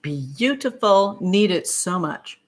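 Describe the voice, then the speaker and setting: A woman hosting a tarot livestream, chatting warmly with viewers and gushing over their comments with pet names. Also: mid-range voice, expressive, takes it slowly. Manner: effusive, gushing, calls viewers sweetheart. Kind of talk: live-stream chat with viewers.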